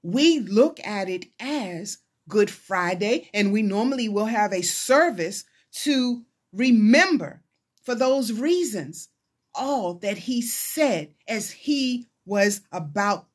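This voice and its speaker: A woman's voice: medium pitch, slow pace, slightly rough. A woman chaplain preaching a sermon, retelling scripture and acting out the voices of the people in it. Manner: retelling scripture with dramatized voices, rising to excited pleas.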